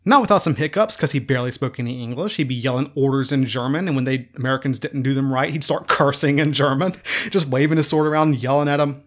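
A man's voice: mid-range voice, fast talker. A man giving an informal history lecture in a chatty, sarcastic way, laughing at his own jokes.

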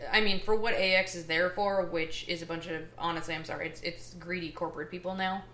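A woman's voice: lowish voice, fairly quick, a little hiss or hum. Female podcast guest, emphatic and opinionated, roomy home sound. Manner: opinionated, emphatic, animated storytelling. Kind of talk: casual chat. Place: a house.

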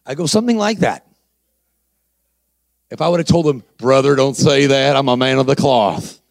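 In a dry recording, a man with a creaky mid-range voice preaches briskly. He performs the dialogue of his story and calls out to the congregation as he goes.

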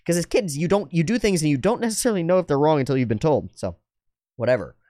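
A man's voice: on the high side, animated, fast, dark tone, no echo. Earnest, rambling man, close and dry. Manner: earnest, rambling, self-correcting. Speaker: channel host. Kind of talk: casual reflective monologue.

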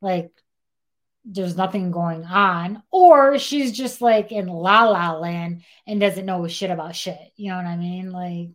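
Young female podcast host, casual, lower pitch, animated retelling with acted quotes. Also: unhurried, few pauses. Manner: animated, acts out quotes in dialogue, says "like" a lot. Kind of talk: casual true-crime storytelling.

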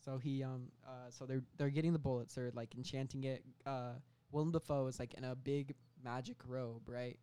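A man's voice: mid-range voice, fairly even intonation, moderate pace, few pauses, dark tone, clean tone. A man co-hosting a comedy podcast, telling a story in a rambling, casual way full of fillers. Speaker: podcast co-host pitching a movie.

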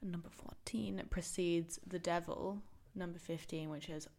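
A woman speaking as a podcast's tarot specialist, measured and reflective as she explains. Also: on the low side, steady tone, gravelly, a little mellow, a little hiss or hum. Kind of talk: casual podcast chat.

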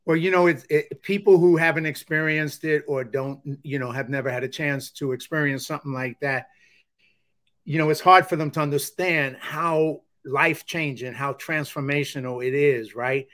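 A man's voice: on the high side, moderate pace, fairly bright tone. A man hosting a podcast interview, reflecting in an encouraging, casual way on what his guest said. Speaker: podcast host.

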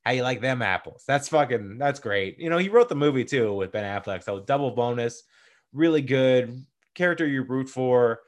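A man's voice: medium pitch, lively intonation, normal speed. A young man talking casually and enthusiastically about movies, rambling and swearing freely. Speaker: podcaster ranking movies.

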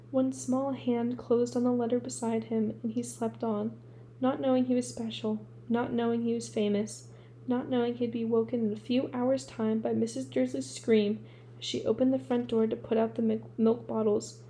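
A woman reading a storybook aloud at a steady pace, restarting a word now and then. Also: on the high side, slight background noise. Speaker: audiobook reader.

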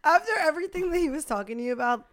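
A young woman co-hosting a podcast, cutting in with questions and quick asides in casual chat. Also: sits high, lively intonation, no room sound. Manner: jumps in with questions and quick asides, laughs often. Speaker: podcast co-host.

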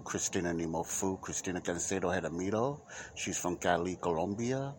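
Man, deep voice, Christian podcast host, rambling emphatic delivery. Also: moderate pace, a little mellow, slight background noise. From United States. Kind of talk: Christian talk podcast monologue.

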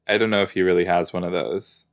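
Sitting low in pitch, a man hosts a reaction video, chatting casually as he watches. He exclaims and fires questions at the screen.

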